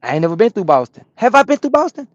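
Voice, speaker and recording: Chatty trucker man, fairly high voice. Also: rapid-fire, dry recording, dull audio. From Atlanta, USA. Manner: relaxed and chatty, repeats phrases, answers chat comments. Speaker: truck driver streamer. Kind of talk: casual live-stream chat with viewers.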